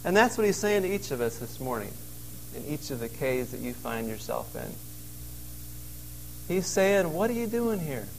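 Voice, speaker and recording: A man delivers a sermon in an earnest, conversational way, leaning into emphasis whenever he quotes. His voice sits a little higher than most men's. He is speaking from inside a cave out in the wilderness. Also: slight background noise, rough recording. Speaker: pastor.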